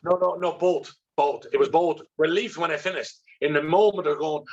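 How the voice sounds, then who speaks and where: An Irish man, a guest in an interview, telling candid stories about himself in a blunt, animated way and swearing freely. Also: a little high, moderate pace, dull audio. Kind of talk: candid storytelling.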